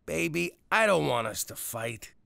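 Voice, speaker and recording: A gravelly, blustering ex-mob father in an adult cartoon. His voice swings widely as he yells in exasperation, then caves to his daughter. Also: a little high, sing-song, unhurried, no echo, heavily acted. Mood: pleading. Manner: gruff, exasperated, prone to yelling. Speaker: strip club owner and father.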